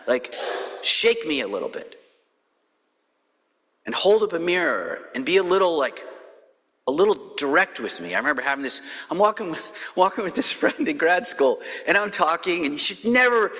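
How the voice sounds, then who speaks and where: A man's voice: a little high, sing-song, normal speed, sharp tone, husky, in a large hall. A male pastor preaching a conversational sermon in a church, telling the story with playful quoted voices. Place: church sanctuary.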